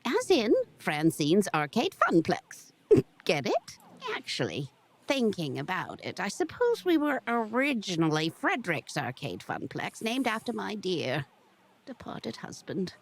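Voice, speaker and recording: A man voicing a sweet, cheeky elderly woman who runs an arcade, in a creaky granny voice that calls everyone dear. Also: high-pitched, wildly swooping pitch, pitched above the performer's own voice, exaggerated voice. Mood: fond, wistful. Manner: calls everyone dear, slow and sing-song. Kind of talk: voicing a visual novel character.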